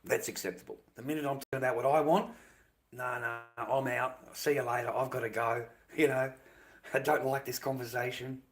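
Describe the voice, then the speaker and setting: A man's voice: mid-range voice, steady tone, brisk, rough recording. An Australian man rambling bluntly on his live stream, profane and dismissive, repeating himself and often dropping to a mutter.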